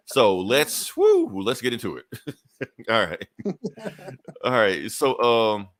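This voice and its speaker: A man's voice: on the low side, wildly swooping pitch, slow pace, fairly bright tone. A man co-hosting a podcast, casually recapping a comic book plot with loose, profane phrasing and frequent "you know". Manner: chuckles between points. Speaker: podcast co-host.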